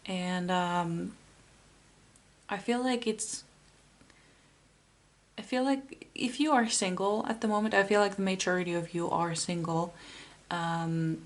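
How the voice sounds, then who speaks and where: Slow, gravelly-voiced woman reading tarot. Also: lowish voice. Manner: soft, unhurried and encouraging, with many fillers. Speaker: tarot card reader. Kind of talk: pick-a-card tarot reading.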